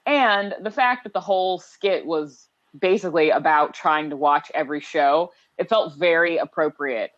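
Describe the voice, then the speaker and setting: A woman's voice: deep voice, normal speed, muffled recording. A woman co-hosting a casual podcast chat, steering the conversation in a matter-of-fact way. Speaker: podcast co-host.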